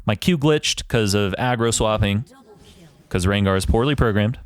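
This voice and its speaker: Reviewing his own game, this YouTuber explains each decision in a smooth, lowish voice at a moderate pace. His commentary is casual, analytical, and self-assured, laced with rants and plenty of profanity.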